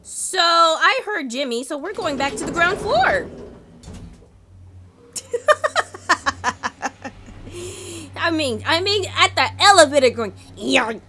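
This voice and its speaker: A woman playing a horror game and chatting excitedly to herself and the characters, dropping into hushed whispers when tense. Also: very high-pitched, moderate pace, few pauses, slight background noise. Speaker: gaming channel host.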